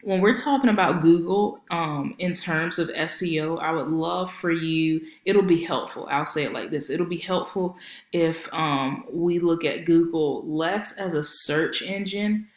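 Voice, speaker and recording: A woman's voice: sits low, measured pace. Friendly woman walking thru a website, lots of ums, kinda echoey room. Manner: chatty, many filler ums, friendly advice. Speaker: marketing consultant. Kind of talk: screen-share website walkthrough.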